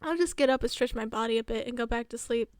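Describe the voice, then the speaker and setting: A woman streamer reading a visual novel aloud on stream, animated and easily flustered. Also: a little high, quick pace, clear, resonant tone, no room sound, clean studio sound.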